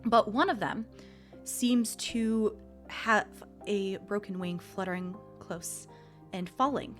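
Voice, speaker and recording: A woman running a tabletop role-playing game as game master, measured and instructive. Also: mid-range voice, faint music behind.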